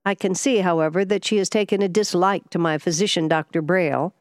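A woman's voice: fairly low pitch, fairly even intonation, brisk, dry recording, clean studio sound, lightly acted. A woman voicing a testy ailing millionaire. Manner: vexed, impatient.

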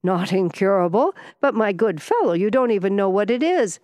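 A woman's voice: mid-range voice, lively intonation, normal speed, a little mellow, no room sound, voice pushed up, lightly acted. A woman voicing a testy, ailing older male millionaire who speaks with vexed impatience.

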